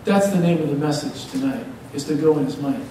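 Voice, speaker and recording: A man preaches from the pulpit with a mellow, somewhat higher voice, mixing jokes with fervent urging. He stands well back from the mic in a church hall that rings with heavy echo, and a faint hiss sits under the recording. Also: brisk, distant mic. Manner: lively, joking, exhorting. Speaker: pastor. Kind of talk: preaching a sermon. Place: church sanctuary.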